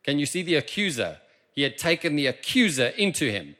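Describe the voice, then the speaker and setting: A South African man preaching a sermon in church, impassioned and swinging from quiet asides to loud emphasis. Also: a little high, very animated, a little fast. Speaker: pastor.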